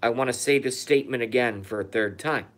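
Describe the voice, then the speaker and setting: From his apartment, a man hosts his online YouTube show, ranting into a phone in a furious, profane, repetitive comedic conspiracy monologue. His voice is mid-range and brisk.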